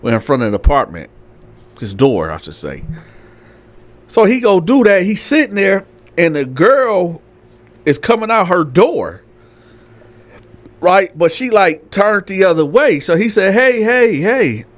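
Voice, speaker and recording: Animated man telling a story. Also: high voice, measured pace, long pauses. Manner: animated, slangy, repeats "right?". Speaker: storyteller, channel host. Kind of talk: casual storytelling with acted voices.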